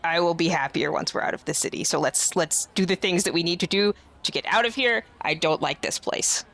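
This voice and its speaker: A man's voice: fairly high pitch, a little fast, gravelly, bright, forceful tone. A man playing a tabletop game, talking in an easygoing, casual way. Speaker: player.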